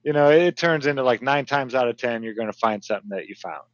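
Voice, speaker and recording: A man's voice: medium pitch, lively intonation, fast talker, a little hiss or hum. Laid-back man in his forties. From northern Indiana. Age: 40s. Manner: laid-back, laughs often. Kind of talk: casual chat. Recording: dull, dry lo-fi recording.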